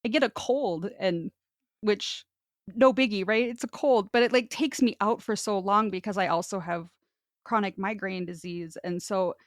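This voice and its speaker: A woman's voice: medium pitch, normal speed, dry recording, studio quality. Chatty woman host from North Dakota. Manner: chatty, self-deprecating, laughs often. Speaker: podcast host. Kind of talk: casual podcast chat.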